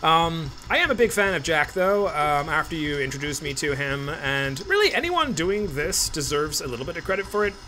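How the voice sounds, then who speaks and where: A man's voice: a little high, big pitch swings, normal speed, few pauses. A man in his thirties co-hosting a let's play, chatting casually and joking easily. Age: 30s. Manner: joking, easygoing, wordy. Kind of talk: casual gameplay commentary.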